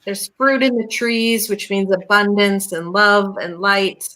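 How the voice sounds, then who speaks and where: Canadian woman, mid-pitched and bright, warm upbeat tarot co-host. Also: fairly even intonation, a little slow, low-quality recording. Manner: upbeat, encouraging. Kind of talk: casual chat and card reading.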